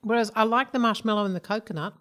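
A woman's voice: a little high, quick pace, a bit bright. Chatty woman podcast co-host. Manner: chatty, giggly. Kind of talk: casual chat.

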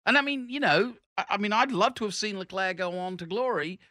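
A man with a bright, clear-edged voice chats casually on a motorsport podcast. He talks haltingly, pausing and restarting often, and likes to explain the rules at length. The sound is close and dry. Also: sits high, dry recording. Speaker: podcast co-host.

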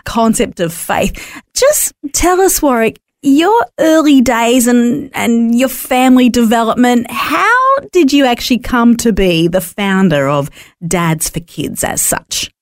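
Lively, encouraging woman host. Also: a little high, slow, no room sound, clean studio sound. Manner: encouraging, gushing praise. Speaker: radio host. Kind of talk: faith radio interview.

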